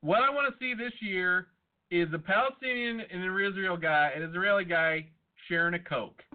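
A man's voice: sits high, normal speed. A man co-hosting a podcast in casual, profane chat, arguing and joking. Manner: argumentative, jokey, swears a lot. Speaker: podcast co-host. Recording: tinny phone-like sound.

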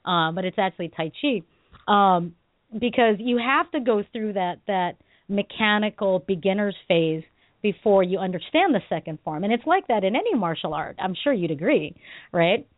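A woman's voice: mid-range voice, moderate pace, dry recording. A woman martial arts instructor chats on a talk radio show, telling stories with lots of laughs and filler words. Her voice sits in an ordinary middle register. It comes through a dry, tinny phone line. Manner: animated storytelling, laughs often, many fillers. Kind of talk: casual radio chat.

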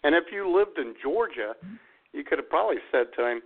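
A male co-host chimes in with quick reactions and laughter in casual chat. His husky voice sits a little high and swings widely in pitch. The sound is narrow, like a phone call. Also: expressive. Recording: phone-quality audio.

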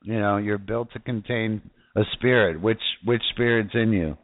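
A man's voice: fairly low pitch, moderate pace, dry recording, narrow, tinny audio. A man preaching casually, reading scripture aloud and fervently calling out to his listeners. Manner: fervent, exclamatory, addresses listeners directly.

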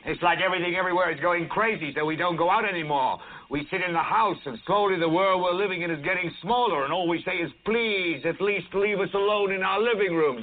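An actor playing a furious older TV newsman, speaking a film monologue that builds from low brooding to shouted outrage. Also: lightly acted. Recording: tinny phone-like audio.

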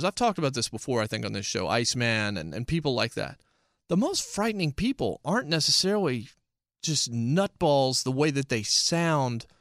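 A man casually reviewing a TV series, talking in an emphatic, animated way. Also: a little high, dry recording, studio quality.

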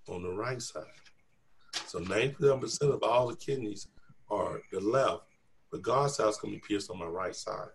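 Gravelly middle-aged man telling his story. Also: mid-range voice. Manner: animated, acts out quoted voices. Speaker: guest telling his testimony. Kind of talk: personal storytelling testimony.

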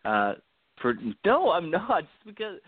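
A man's voice: high-pitched, huge pitch swings, measured pace, dry recording. A man from Alberta, Canada, a guest on a casual call-in show, rambling and self-deprecating with easy laughs and many restarts. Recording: tinny phone line, dry.

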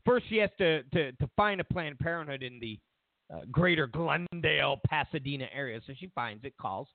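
Male talk host, casual rambling storyteller, very expressive pitch, phone-thin sound. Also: moderate pace, no room sound. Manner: animated storytelling with restarts. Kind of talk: casual monologue. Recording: tinny phone-like audio, dry.

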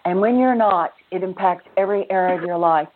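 A woman with a somewhat low voice tells a personal story as a guest, earnest and lively, with a small laugh here and there. The sound is thin and tinny, like a phone line. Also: a little fast, a little hiss or hum. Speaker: author and self-love teacher, guest. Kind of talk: conversational interview storytelling.

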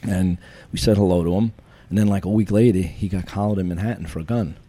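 Low, mellow retired police chief. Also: male voice, quick pace. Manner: wry, deadpan anecdotes with cop jargon. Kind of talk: storytelling in a podcast interview.

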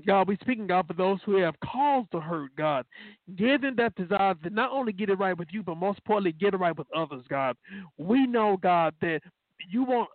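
A man's voice: high voice, expressive, normal speed, dry recording. A man preaching a sermon, telling folksy stories with many fillers, then leading a prayer that keeps returning to the word God. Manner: repeats "God" as a refrain while praying. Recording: dry, tinny phone-line sound.

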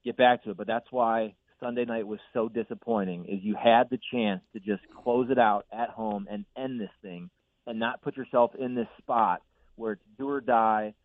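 A man's voice: lowish voice, dry recording. A man calling in as a guest, telling stories in casual sports talk, laughing easily. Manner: chatty storyteller, laughs easily. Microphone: phone. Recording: tinny dry phone line.

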